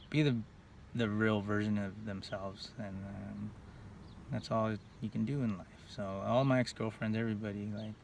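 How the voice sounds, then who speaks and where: Casual male vlogger, profane and rambling, gravelly low voice, recorded from a distance. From Northern California. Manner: rambling, profane, full of "like" and restarts. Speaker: vlogger telling personal stories. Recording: distant mic with faint background noise.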